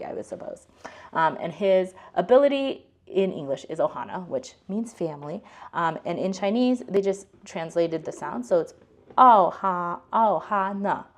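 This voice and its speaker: Woman, low voice, gravelly, casual lesson, chatty, lots of um and like. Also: darkish tone. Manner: chatty, explains word by word, many fillers. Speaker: host.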